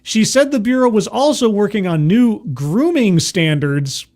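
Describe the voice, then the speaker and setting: A man reading news articles aloud and breaking in with sarcastic, incredulous commentary, recorded indoors. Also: sits high. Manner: sarcastic, incredulous asides between quoted passages. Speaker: commentary host. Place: indoors, with trucks passing outside.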